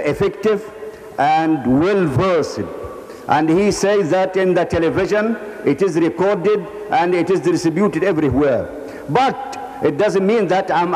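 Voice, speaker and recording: A man's voice: a little high, darkish tone. A man from Egypt, giving formal thanks and remarks after a lecture, hesitant with many fillers. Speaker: speaker from the audience. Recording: long reverb of a lecture hall.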